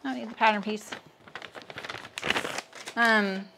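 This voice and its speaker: A woman in her thirties hosting a relaxed sewing livestream. She chats easily with her viewers, answers their comments and laughs at her own jokes, her voice sitting at an ordinary middle pitch. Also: takes it slowly, creaky, background noise. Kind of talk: casual livestream chat while sewing.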